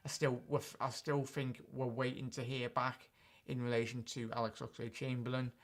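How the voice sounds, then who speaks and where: A man's voice: medium pitch, little pitch movement, moderate pace. A man hosting a live-stream football chat as a fan channel host, chatting and answering viewer comments directly.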